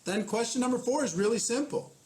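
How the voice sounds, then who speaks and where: A man's voice: very high-pitched, fast, darkish tone, slight background noise. A man coaching network marketing, methodically walking through numbered questions in casual talk.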